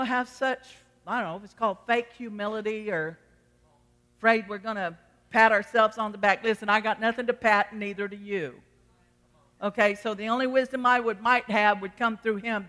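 A middle-aged woman pastor preaches to her congregation with a bright, forceful voice. She is emphatic and slips into the voices of the people she quotes. Her words ring out with a long reverb from the church hall. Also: on the high side. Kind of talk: sermon. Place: church sanctuary.

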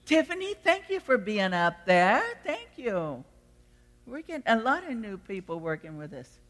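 A woman preaching a sermon in a church, swinging between loud exhortation and quiet asides. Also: mid-range voice, big pitch swings, normal speed. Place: church sanctuary. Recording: long church hall reverb.

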